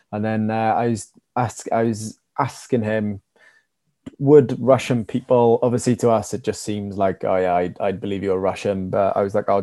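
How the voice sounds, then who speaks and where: A man from Wales tells a casual rugby story in a low voice, with plenty of ums and restarts. His tone stays dark and fairly flat. The recording is dry and close. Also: no echo. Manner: rambling, many fillers and restarts. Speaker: rugby sevens player, podcast guest.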